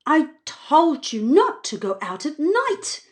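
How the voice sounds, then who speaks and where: A woman's voice: high voice, sing-song, takes it slowly, voice pushed up, exaggerated voice. A woman voicing a worried, scolding mother in a storybook reading. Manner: anxious, scolding.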